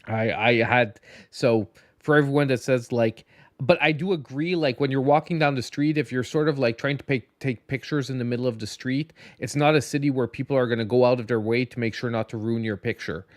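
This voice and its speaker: A man's voice: medium pitch, fairly quick, dry recording, clean studio sound. A tired man hosting a casual gaming podcast, rambling with many restarts and a slight lisp. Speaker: podcast host. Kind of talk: casual late-night podcast chat.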